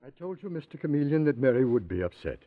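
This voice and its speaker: A man's voice: medium pitch, big pitch swings, fast, soft background music. An actor playing a genteel, earnest man who runs a charity house, in 1940s radio acting style. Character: pious male charity house owner. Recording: tinny old radio broadcast.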